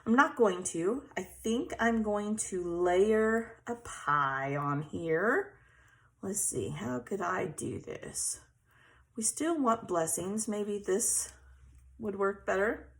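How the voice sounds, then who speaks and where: A woman's voice: medium pitch, expressive, takes it slowly. Lady showing a paper craft, chatty, laughs easy, keeps asking okay. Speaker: craft tutorial host. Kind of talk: casual crafting tutorial.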